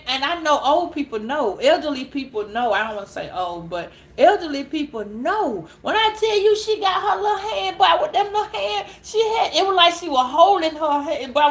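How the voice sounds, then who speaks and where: A woman telling a story casually to camera, animated and laughing, repeating words as she goes. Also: sits high. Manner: animated, laughing, repeats words, calls listeners girl and child. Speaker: tarot reader.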